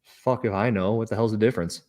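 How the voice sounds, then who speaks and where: A man's voice: on the low side, steady tone, fast talker, a little mellow. A man from the United States co-hosting a podcast, teasing his friend in casual chat and saying "dude" a lot. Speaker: podcast co-host.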